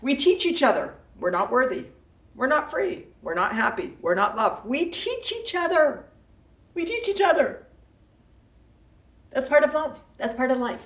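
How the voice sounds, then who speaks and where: A woman's voice: high-pitched, sing-song, measured pace. A woman hosting a live talk as a self-help coach, speaking playfully and emphatically, repeating herself for effect. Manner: playful and emphatic, with lots of repetition. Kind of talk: casual motivational talk to a live audience. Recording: roomy echo, voice from a distance from the mic.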